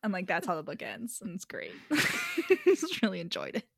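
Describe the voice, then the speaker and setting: A woman chatting casually on a book podcast, retelling the story with plenty of "like" and easy laughter. Her voice sits at a middle pitch and sounds close and dry, with no room around it. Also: huge pitch swings, moderate pace, gravelly, fairly bright tone, husky, dry recording. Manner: chatty, laughs often, heavy use of "like". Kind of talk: casual chat recapping a book.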